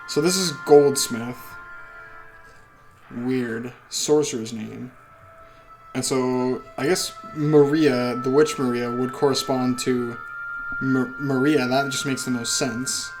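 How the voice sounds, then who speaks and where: A man co-hosting a podcast, chatting loosely and reading a game's narration aloud, rambling and swearing now and then. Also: mid-range voice. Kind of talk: casual let's-play chat and reading.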